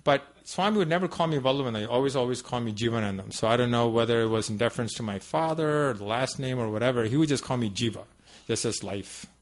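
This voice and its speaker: A guest speaker at a devotional center, a man with a mid-range voice, talks fast to his audience. He tells a personal story conversationally, meandering through many asides.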